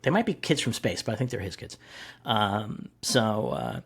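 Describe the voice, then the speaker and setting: Husky guy on a comics podcast, super animated, swears a lot, does little voices for quotes. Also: lowish voice, moderate pace. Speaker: podcast co-host. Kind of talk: casual comic-book discussion.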